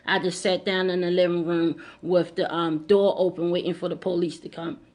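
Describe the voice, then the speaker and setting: A woman's voice: fairly low pitch, flat delivery, moderate pace, a little mellow. Emphatic middle-aged woman telling a story. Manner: emphatic, repeats lines, speaks straight to the audience. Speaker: vlogger. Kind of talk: personal storytelling to camera.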